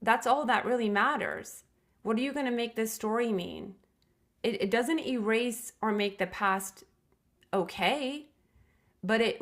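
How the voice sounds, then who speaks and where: A middle-aged woman, a podcast guest, telling a personal story in an earnest, reflective way with emphatic restarts. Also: medium pitch.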